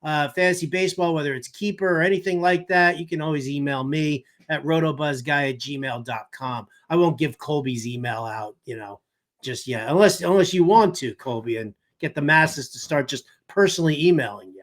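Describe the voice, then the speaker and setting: A man's voice: a little high, brisk. Rambling jokey man in his fifties. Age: 50s. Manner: rambling, jokey, curses freely. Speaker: podcast host. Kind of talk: casual podcast chat.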